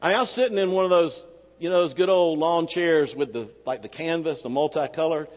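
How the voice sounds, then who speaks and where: High-voiced preacher man in a big hall. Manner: conversational storytelling with emphatic slowdowns. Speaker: pastor. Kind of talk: sermon with personal story.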